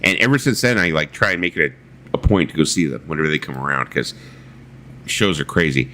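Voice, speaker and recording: A man's voice: extremely low pitch, quick pace, bright, forceful tone. A man hosting a casual livestream chat, telling rambling stories and reading viewer comments aloud, swearing freely. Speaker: livestream host.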